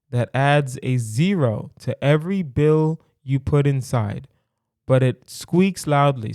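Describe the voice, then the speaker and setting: A young male comedian talks alone into a close podcast mic, loose and playful, musing out loud in circles. His voice sits in a middle register. The sound is dry, with no room around it. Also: medium pitch, no echo. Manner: playful, rambling, thinks aloud with lots of "right?". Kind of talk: solo podcast monologue.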